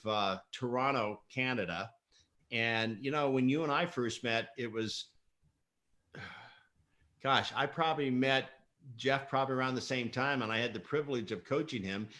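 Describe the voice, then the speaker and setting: A man's voice: medium pitch, pushed and bright. A middle-aged man, a coach and guest, talking casually and telling stories animatedly, acting out quotes and laughing often. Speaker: guest, mental performance coach. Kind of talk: casual livestream interview.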